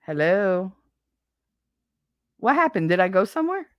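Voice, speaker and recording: A woman's voice: medium pitch, very animated, measured pace, dry recording, highs cut off. A woman livestreaming on her own channel, chatting casually in a blunt, profane, rambling way. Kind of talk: casual stream chat. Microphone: desk microphone.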